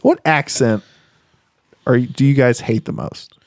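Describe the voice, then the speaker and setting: A man hosting a casual podcast over beers, joking, laughing loudly and swearing freely. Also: medium pitch, measured pace, no room sound, studio quality. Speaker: podcast host.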